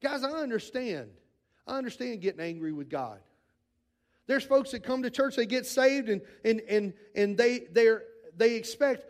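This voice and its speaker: A man with a notably high voice delivers an earnest sermon. He swings from raised, urgent lines to hushed, quiet ones. He stumbles and repeats words as he presses his points. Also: lively intonation, moderate pace. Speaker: pastor.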